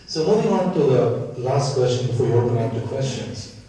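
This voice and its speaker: A man's voice: medium pitch, animated, brisk, warm tone. A man with an Indian accent moderating a panel discussion, earnest and often checking in with "right?". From San Diego. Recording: echoey room, from far off.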